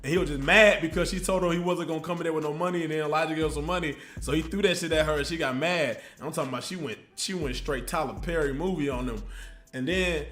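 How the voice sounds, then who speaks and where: A man casually telling a funny story on his livestream in an animated, slangy way with lots of asides. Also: fairly high pitch, quick pace, faint music behind.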